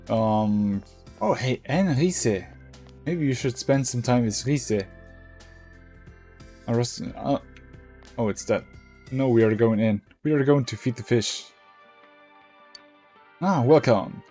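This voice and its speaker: A man playing a role-playing game, reading its dialogue aloud and thinking out loud in a relaxed, halting way. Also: mid-range voice. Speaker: let's play gamer.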